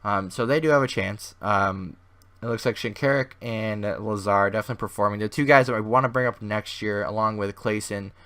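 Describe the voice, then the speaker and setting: A man with a hoarse, fading voice giving casual, rambling commentary over a video game as host of his gaming channel. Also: on the low side, brisk, a bit bright. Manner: rambling, thinks aloud with many restarts.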